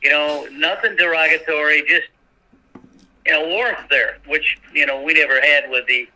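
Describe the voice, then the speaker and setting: Very bright-voiced older man, folksy. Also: a little high, low-quality recording. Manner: chatty, folksy, halting with fillers. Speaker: guest. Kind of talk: casual chat.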